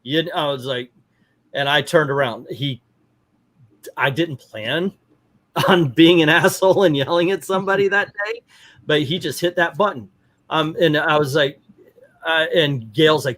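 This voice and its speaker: Animated middle-aged man telling a story. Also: on the high side, measured pace, long pauses. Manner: animated storyteller, acts out quotes. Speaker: podcast host. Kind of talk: casual chat.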